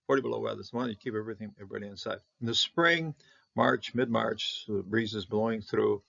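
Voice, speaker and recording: A man who grew up in Canada, teaching Hebrew Bible words in an informal lesson, halting with many fillers and sounding out the Hebrew slowly. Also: on the low side, fairly even intonation, vocal fry, fairly bright tone, lo-fi sound.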